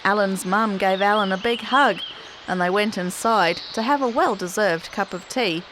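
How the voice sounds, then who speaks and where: A woman reads a children's story aloud, expressive and carefully paced for young listeners. Her voice sits in a comfortable middle range. A steady noise runs clearly behind her in the recording. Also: mid-range voice, moderate pace. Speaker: children's podcast host. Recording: noticeable background noise.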